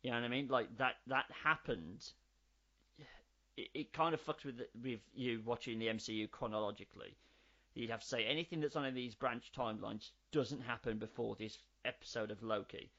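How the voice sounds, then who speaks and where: Man, 30s, animated casual podcast co-host; slightly dull recording. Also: medium pitch, normal speed. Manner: animated, swears freely, riffs on ideas. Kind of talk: casual chat.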